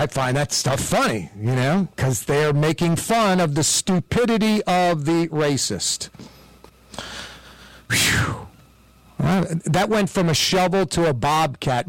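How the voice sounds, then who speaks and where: A man's voice: fairly high pitch, animated, normal speed, few pauses, no room sound, poor audio. A man hosting a casual chat, rambling and musing as he talks, aware of how his words come across.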